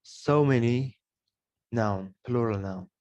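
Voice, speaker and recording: A man's voice: medium pitch, slow pace, darkish tone. A man with an Uzbek accent teaching an English grammar lesson, explaining step by step and repeating each example before translating it into Uzbek.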